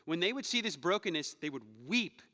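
A male pastor with a bright, forceful, slightly high voice delivers a conversational sermon. He drifts from joking asides to hushed, earnest stretches, and his words ring out with the long reverb of a church hall. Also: big pitch swings, moderate pace. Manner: conversational preaching, shifts between playful asides and hushed earnest passages. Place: church sanctuary.

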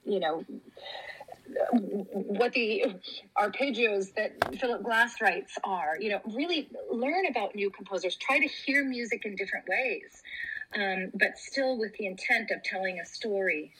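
A woman opera singer talking in a casual interview, animated, with many fillers and restarts and frequent laughter. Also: mid-range voice, a little slow, breathy edge, low-quality recording.

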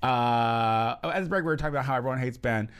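A man's voice: medium pitch, clear, resonant tone. Chatty podcast host man. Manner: chatty, lots of fillers and quick laughs. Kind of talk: casual chat.

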